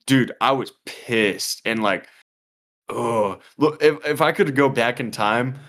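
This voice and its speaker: A man's voice: medium pitch, takes it slowly, a bit bright. A young man co-hosting a podcast, telling a story in casual, profane, rambling chat full of "like" and "dude". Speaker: podcast co-host.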